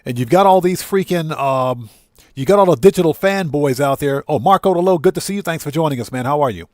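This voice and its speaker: A man's voice: fairly high pitch, expressive, fairly quick, darkish tone, no echo, clean studio sound. A man hosting a livestream, ranting indignantly and greeting chatters by name. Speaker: livestream host.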